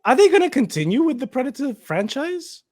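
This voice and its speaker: A man from Malaysia in a casual live chat about films, joking and quick to ask questions. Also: very high voice, big pitch swings, darkish tone.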